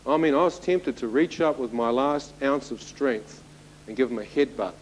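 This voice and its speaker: A man's voice: medium pitch, moderate pace, noisy background. A man in his thirties giving a spoken testimony to an audience, telling his story vividly and turning to the listeners with asides. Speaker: testimony speaker.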